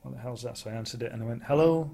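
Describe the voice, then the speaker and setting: Man, interview guest, storytelling, frequent chuckles, mid pitch. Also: little pitch movement, racing, gravelly. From England. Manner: chuckles often, tells anecdotes with restarts. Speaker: guest singer. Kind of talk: casual interview chat.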